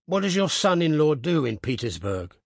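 A pompous ex-soldier scribe from an audiobook story, officious and self-important as he dictates, voiced by a male narrator in his own fairly high voice. The sound is close and dry. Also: sing-song, normal speed, vocal fry, husky, no echo, exaggerated voice. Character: pompous village letter-writer, a pretentious ex-soldier.

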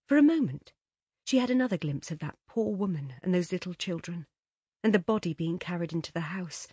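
A woman reading a literary story aloud as narrator in an expressive, measured way. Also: fairly low pitch, husky, no room sound, clean studio sound. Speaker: audiobook narrator.

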